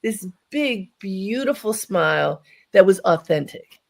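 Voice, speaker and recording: A woman's voice: mid-range voice, lively intonation, takes it slowly, gravelly, a little mellow. A woman hosting a radio interview, telling a personal story in a reflective, heartfelt way. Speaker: host.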